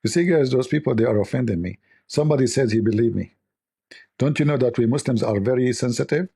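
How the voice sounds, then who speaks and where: Man, livestream host, casual commentary, sarcastic and rambling, dark husky voice. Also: mid-range voice, quick pace.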